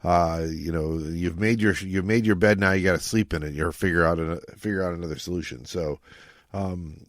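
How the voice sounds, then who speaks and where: A man's voice: sits low, steady tone, moderate pace, no room sound, studio quality. A man co-hosting a podcast, talking through a novel in a loose, rambling way with many fillers. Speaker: podcast co-host. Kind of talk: casual book discussion.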